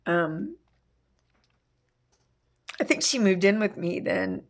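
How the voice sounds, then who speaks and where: A middle-aged woman telling a painful personal story in an interview, halting and full of restarts. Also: mid-range voice, sing-song, creaky. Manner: halting, with many restarts and fillers. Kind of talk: emotional personal testimony.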